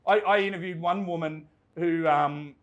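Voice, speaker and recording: An Australian man with a fairly high voice tells stories in an animated, laughing way. He often stops and restarts his sentences, like a guest chatting casually in a pub. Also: normal speed. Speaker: guest, entertainment reporter. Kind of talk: casual storytelling chat.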